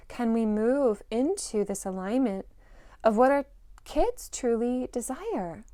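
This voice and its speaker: A woman giving a spoken intuitive reading to parents, gentle and reflective, musing aloud with fillers. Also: on the high side, dry recording. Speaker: intuitive reader.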